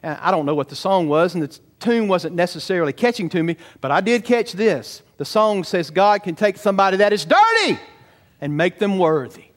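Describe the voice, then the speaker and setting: A man preaches a sermon, animated and lively. He keeps turning to the congregation with rhetorical questions. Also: high voice, a little fast. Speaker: pastor.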